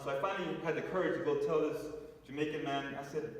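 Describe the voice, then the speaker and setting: A man's voice: medium pitch, fast talker, few pauses, distant mic. Man telling a story in an echoey hall. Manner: animated storyteller with frequent restarts. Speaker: speaker at a spiritual center. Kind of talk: storytelling talk to an audience. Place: large hall with long reverb.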